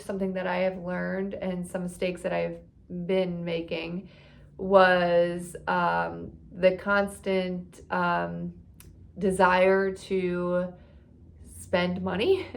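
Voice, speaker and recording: 30s woman vlogging on her phone, super expressive, talks w her hands, lots of fry. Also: mid-range voice. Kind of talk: casual vlog chat.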